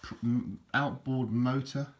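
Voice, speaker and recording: A man's voice: mid-range voice, steady tone, unhurried. A man chatting casually while leafing through an old repair book, rambling and restarting his sentences. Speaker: book reviewer. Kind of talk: casual chat. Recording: noisy home recording.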